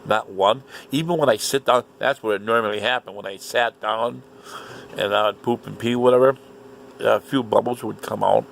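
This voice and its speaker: A man telling a story in an animated, indignant rant, swearing often. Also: lowish voice, normal speed, vocal fry, a little hiss or hum. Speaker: vlogger. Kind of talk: casual ranting monologue.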